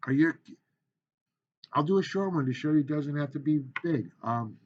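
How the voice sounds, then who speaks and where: A man's voice: fairly high pitch, normal speed, long pauses, highs cut off. Chatty man teaching a speech class. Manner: animated, chatty, jokey asides. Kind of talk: classroom lecture.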